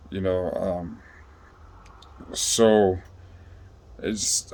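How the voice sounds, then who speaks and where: A man's voice: lowish voice, a little mellow. Rambling, profane man telling a story. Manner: rambling, profane, with many fillers. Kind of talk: casual storytelling.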